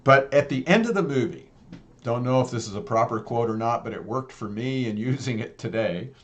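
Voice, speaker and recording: A man's voice: medium pitch, animated, fairly quick. A man co-hosting a casual talk show, upbeat and jokey, with many fillers. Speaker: co-host. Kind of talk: casual chat.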